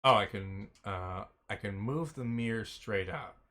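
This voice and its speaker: A man's voice: lowish voice, unhurried, sharp tone. A man streaming a puzzle game, giving flustered, self-mocking commentary and laughing often. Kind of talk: casual gameplay commentary.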